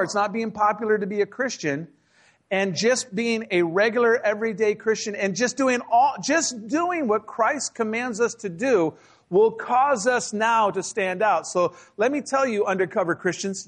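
High-voiced man preaching a sermon. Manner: humorous, conversational preaching with acted asides. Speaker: pastor. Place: church sanctuary.

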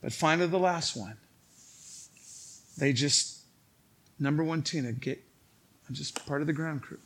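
A man's voice: fairly high pitch, measured pace. A pastor with a Chicago accent, telling a funny story in a sermon to his congregation and acting out the voices in the dialogue. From Illinois. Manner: animated, joking, acts out quoted dialogue. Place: church stage before a congregation.

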